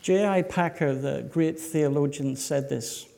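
Slow, emphatic preacher man. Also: on the high side, gravelly, mellow. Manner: slow, emphatic, rhetorical questions to the congregation. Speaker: pastor. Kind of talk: sermon. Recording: echoey hall.

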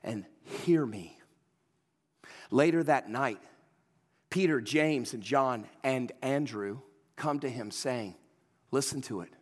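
Emphatic preacher in a hall. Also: male voice, mid-range voice, slow, pauses often. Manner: emphatic, repetitive, folksy. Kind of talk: sermon. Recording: long hall reverb.

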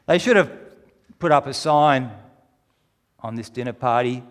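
A man preaching a sermon, telling a story with animated, rising delivery that climbs to near-shouting at its peak. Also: medium pitch, unhurried, long reverb tail.

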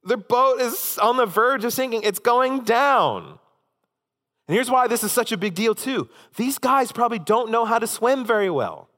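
A man preaching a sermon as a pastor, telling a story with animated, emphatic delivery. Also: extremely high pitch, normal speed. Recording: long hall reverb.

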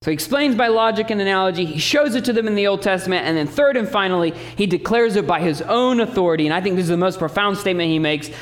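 Male pastor, lively sermon delivery, swinging pitch, emphatic teaching asides. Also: fast, few pauses.

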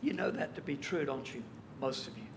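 A man preaching a verse-by-verse sermon, conversational and lively with wry asides. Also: mid-range voice, fairly quick, gravelly, noisy background. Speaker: pastor. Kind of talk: expository sermon.

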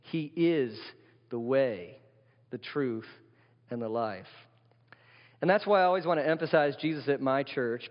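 A man's voice: medium pitch, expressive, moderate pace. Conversational male pastor preaching in a hall. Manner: conversational preaching, poses questions to the congregation. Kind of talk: sermon. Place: church sanctuary. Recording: long hall reverb, dull lo-fi sound.

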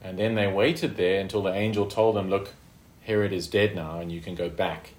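Low-voiced man teaching scripture. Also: fairly even intonation, normal speed, reverberant. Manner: conversational, with frequent fillers and tag questions. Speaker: Bible teacher. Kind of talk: informal Bible study teaching.

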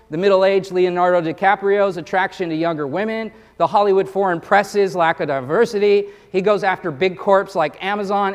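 A male pastor giving a sermon in a conversational, joking storytelling manner. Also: high-pitched. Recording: long hall reverb.

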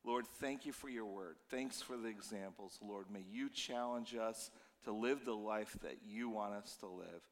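A man's voice: on the low side, moderate pace, hardly any pauses. A man in his fifties, a pastor preaching a sermon, telling stories in a conversational way and sounding tired. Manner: conversational storytelling, animated and emotional in places. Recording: long reverb of a church hall.

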